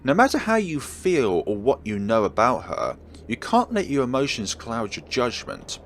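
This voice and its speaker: A man's voice: mid-range voice, huge pitch swings, moderate pace, a little hiss or hum. A man reading a visual novel aloud, voicing a secretive, teasing young woman from an occult club who talks in a cool, evasive way.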